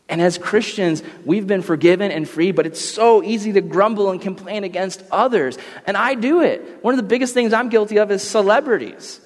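Young guy preaching casually, kinda high voice, acts out little scenes, long echo around him. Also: a little fast, hardly any pauses. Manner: animated storytelling, slips into voices for characters. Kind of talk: casual sermon with acted-out scenes. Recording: long reverb.

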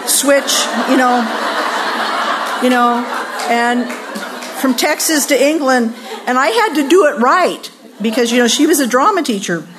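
An older woman from California giving a sermon-style talk at a women's retreat, telling lively personal stories and acting out the voices she quotes. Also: on the high side, noisy background. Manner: animated storyteller, acts out quoted voices, laughs often.

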